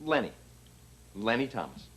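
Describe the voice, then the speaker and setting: A man's voice: medium pitch, big pitch swings, moderate pace, fairly bright tone, husky. A man giving short, eager answers in a scripted language course dialogue.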